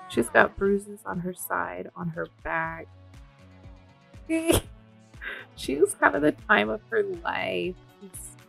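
Gravelly-voiced woman doing game commentary. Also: medium pitch. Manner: excitable, giggly, crude. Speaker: gaming video host. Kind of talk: let's play commentary.

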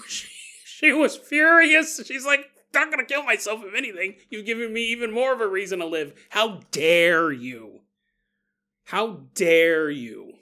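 A man with a slightly high, sharp-toned voice hosts a solo podcast. He talks casually, jokes and laughs often, and acts out the voices of people he quotes.

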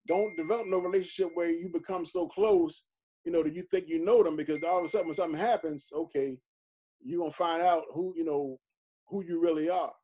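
Man, pastor, high voice, conversational, emphatic Bible study talk. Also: brisk, warm tone, husky. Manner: conversational, emphatic, frequent "you know". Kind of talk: informal Bible study teaching.

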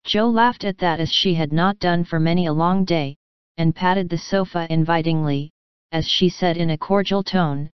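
Smooth, low-voiced woman reading a story. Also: moderate pace, no echo, muffled recording. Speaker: audiobook narrator. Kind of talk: scripted storybook narration.

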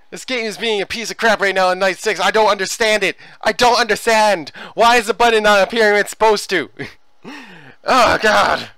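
A man doing gameplay commentary, ranting and swearing at the game, swinging between yelling and hushed muttering. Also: high voice, moderate pace, faint music behind. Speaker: let's play gamer.

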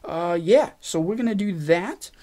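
High-voiced excitable young man gaming. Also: a little slow. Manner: excitable, rambling, talks to viewers while playing. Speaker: gaming channel host. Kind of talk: casual gameplay commentary. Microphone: face cam.

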